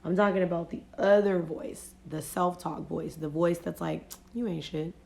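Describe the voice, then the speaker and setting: Gravelly-voiced woman life coach. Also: on the low side, steady tone, a little mellow. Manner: reflective, unhurried, peppered with "you know". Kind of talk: casual motivational livestream talk. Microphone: phone.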